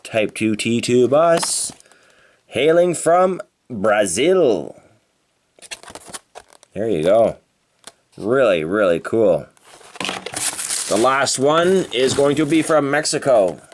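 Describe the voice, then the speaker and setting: A man's voice: medium pitch, expressive, slow, pauses often. A man from Canada narrating an unboxing of die-cast toy cars with enthusiastic, playful exclamations. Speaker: toy car reviewer.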